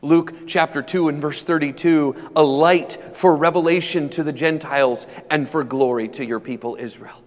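A man preaching a sermon with dynamic delivery that moves between hushed, quiet passages and loud, emphatic peaks. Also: fairly high pitch, fairly even intonation, normal speed, hardly any pauses. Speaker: pastor. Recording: long hall reverb.

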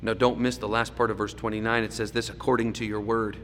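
A man preaching a sermon, swinging between loud emphasis and hushed asides. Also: lowish voice, little pitch movement, fast. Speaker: pastor. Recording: echoey hall with faint background noise.

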